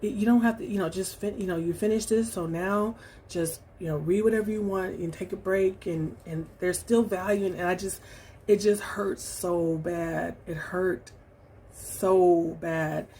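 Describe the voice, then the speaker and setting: A woman talking through her recent reading in a casual vlog, reflective and halting, with many fillers and restarts. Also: on the low side, fairly even intonation, warm tone, slight background noise. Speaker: book vlogger. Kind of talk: casual book review vlog.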